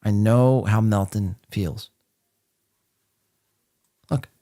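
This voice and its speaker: A man's voice: fairly low pitch, steady tone, extremely slow, dark tone, no echo, clean studio sound. A man hosting a live podcast, talking casually with blunt sarcasm and frequent swearing. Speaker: podcast host.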